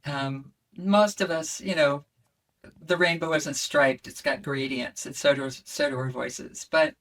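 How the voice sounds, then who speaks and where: A woman voice coach who is a guest on a podcast, talking in an expressive, animated way. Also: low-pitched, measured pace, distant mic.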